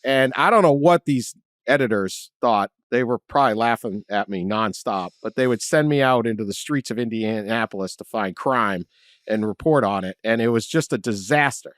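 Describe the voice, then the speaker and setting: A man's voice: medium pitch, moderate pace, a bit bright, no echo, studio quality. A middle-aged man from the Boston area, co-hosting a casual sports chat and telling rambling, self-deprecating stories with frequent laughter. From Boston area, Massachusetts. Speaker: podcast co-host.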